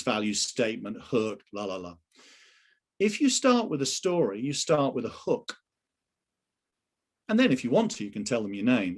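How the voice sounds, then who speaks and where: A middle-aged man talks on a video call, leading a sales training webinar. His pitch rises and falls in a lively way as he poses questions to the listeners and answers them himself, staying chatty throughout. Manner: animated, conversational, asks the audience questions. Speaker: webinar presenter and sales coach. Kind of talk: live webinar presentation.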